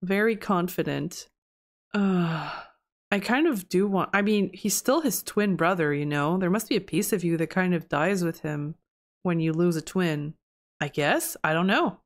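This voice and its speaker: A young woman giving casual, chatty commentary over gameplay and reacting loudly in disbelief at surprises. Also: lowish voice, a little slow. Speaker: gameplay video host.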